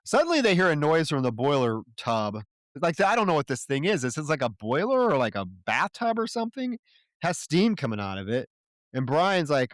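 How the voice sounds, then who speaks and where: A man co-hosts a movie podcast and walks through the plot in a relaxed, rambling way, briefly acting out the characters' lines. His voice is smooth and resonant. The recording is dry and close, with no room sound. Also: a little high, a little fast, no echo. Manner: laid-back, trails off into shrugging asides. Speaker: podcast co-host. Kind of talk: casual movie recap.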